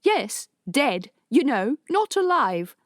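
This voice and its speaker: A woman's voice: high voice, very animated, takes it slowly, dry recording, clean studio sound, voice pushed up, heavily acted. A woman voicing an exhausted young male student from the city, who talks in a strained, raised, pleading voice.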